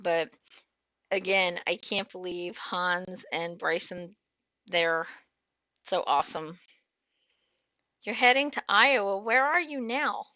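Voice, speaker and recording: A woman's voice: mid-range voice, bright, forceful tone, no room sound. A woman trucker chatting casually on a livestream, reading viewer comments aloud, bubbly and full of fillers and laughs. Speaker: trucker hosting a live chat.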